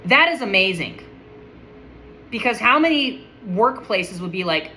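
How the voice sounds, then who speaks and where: A woman's voice: mid-range voice, animated, a little slow, long pauses, bright, forceful tone, a little hiss or hum, rough recording. A woman speaking in a casual, enthusiastic monologue, full of admiration and often restarting her sentences.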